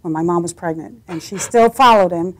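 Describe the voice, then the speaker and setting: Chatty woman telling stories, fairly low. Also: fairly quick. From United States. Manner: chatty storyteller, acts out voices in anecdotes. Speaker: singer and guest. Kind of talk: casual interview chat.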